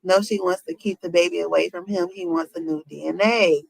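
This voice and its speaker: Gravelly woman chatting with her stream. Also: fairly low pitch, brisk, no room sound, poor audio. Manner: talks to chat, rhetorical questions, African American Vernacular English phrasing. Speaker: streamer reacting to celebrity news. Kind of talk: casual reaction chat to viewers.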